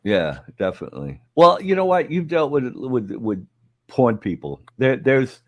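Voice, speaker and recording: A man hosting a podcast who asks halting questions and keeps up short agreeing interjections. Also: medium pitch, big pitch swings, highs cut off. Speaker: podcast host. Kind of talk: casual interview.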